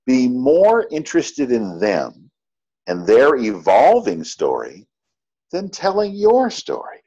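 A man's voice: mid-range voice, slow pace, breathy edge, highs cut off. A man giving a motivational sales training talk, telling stories and acting out both sides of each conversation. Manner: animated storyteller, acts out dialogue. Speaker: network marketing trainer.

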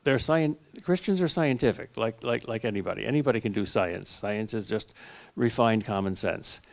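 Older American professor, methodical reasoning. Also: male voice, lowish voice, expressive, moderate pace, gravelly, a little hiss or hum. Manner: reasoned, step-by-step explaining with a dry joke. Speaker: philosophy professor in a dialogue. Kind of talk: lecturing answer at a public forum. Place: university lecture hall.

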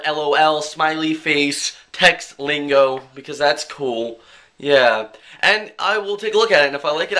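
Young guy ranting to his webcam, kinda high voice, bright and punchy, swears a lot, jokey. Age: young adult. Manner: brash, joking, profane, mimics people in quick bits. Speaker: vlogger. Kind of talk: casual vlog rant.

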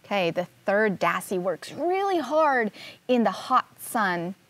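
A woman teaching first grade, reading a picture book aloud in a slow, expressive way and asking the children questions. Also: medium pitch, no echo.

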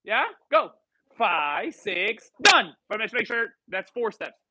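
A male salsa instructor leads a live class, counting the beats and calling out moves as the dancers go. He mixes Spanish and English cues, and his voice is fairly high and very bright. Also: sing-song, slow pace, husky, no room sound, low-quality recording.

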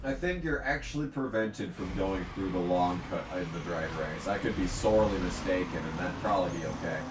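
A man giving let's play commentary while racing, ranting and swearing, now and then bursting into shouts at the game. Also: low-pitched, brisk, roomy sound, distant mic, very noisy. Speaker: gamer commentating his own play.

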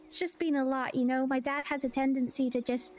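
A woman's voice: sits high, flat delivery, a little fast, lightly acted. A woman voicing a nervous, easily flustered young woman in an improvised game roleplay, apologizing often and giggling.

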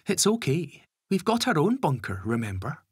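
A man voicing a caring, gently firm mother with dry wit in an audiobook. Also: a little high, wildly swooping pitch, normal speed, slightly rough, dry recording, pitched above the performer's own voice, exaggerated voice. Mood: tender. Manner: soothing, teasing. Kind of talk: audiobook character voice.

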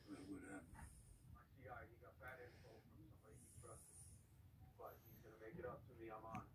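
An actor playing a terse criminal talking quickly on a phone call. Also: male voice, mid-range voice, flat delivery, very noisy, natural voice. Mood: tense. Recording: distant echoey film audio with loud ambience.

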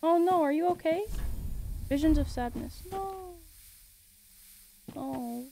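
High-voiced giggly woman streamer. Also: takes it slowly, vocal fry, warm tone, a little hiss or hum. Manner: giggly and chatty, answering chat. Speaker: game streamer. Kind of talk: casual live-stream gameplay commentary.

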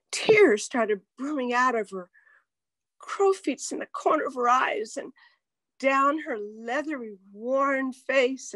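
Older lady telling a story reeeal slow, kinda high voice, sometimes whispers. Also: fairly bright tone, dry recording. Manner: slow, deliberate, dips to whispers at tense moments. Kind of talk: personal story told to an audience.

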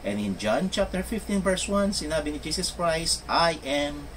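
A man's voice: fairly high pitch, normal speed, a bit bright. A man with a Filipino accent preaching a sermon and switching between two languages, emphatic and rhythmic. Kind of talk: bilingual sermon. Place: church. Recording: church service from a distant mic, faint noise.

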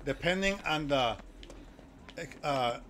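A man with a slightly high, expressive voice takes it slowly, sounding pushed and bright, with a little hiss or hum in the audio. He's live-streaming a game, chatting casually with viewers and reacting as he plays.

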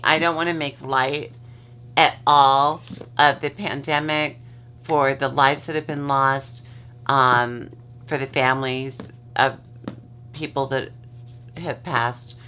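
A woman hosts a casual chat from her bed at home, drifting from one thought to the next and swearing freely. Her voice sits a little low, with a gravelly fry and a bright, forward edge. She talks at an unhurried, drawn-out pace. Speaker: vlogger host.

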